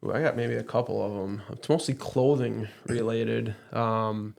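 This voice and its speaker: A man police officer with a Wisconsin accent, chatting in an easygoing, halting way on a podcast. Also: medium pitch, fairly even intonation, gravelly, darkish tone. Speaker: school resource officer. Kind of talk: casual podcast chat.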